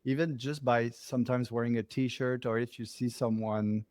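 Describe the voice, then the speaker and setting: A man's voice: medium pitch, steady tone, normal speed, a little mellow, no room sound, studio quality. Earnest male podcast host. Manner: earnest, encouraging, with small restarts. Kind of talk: conversational interview.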